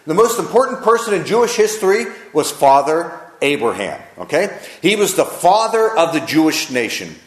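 A man preaching a sermon, slowing down to stress key phrases. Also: a little high, very animated, roomy sound.

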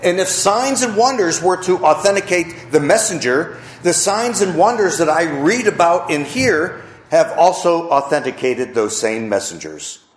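A man's voice: fairly high pitch, animated, unhurried, hardly any pauses, a little hiss or hum. A male pastor preaching a sermon to his congregation, emphatic and full of rhetorical questions. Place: church sanctuary with congregation. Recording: echoey church sanctuary.

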